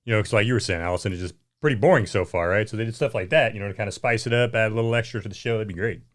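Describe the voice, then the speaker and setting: A man co-hosts a podcast chat at a very fast clip, in a laid-back tone that leans on "you know" and "man". His voice sits a little low. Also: a bit bright. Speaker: podcast co-host. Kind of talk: casual podcast discussion.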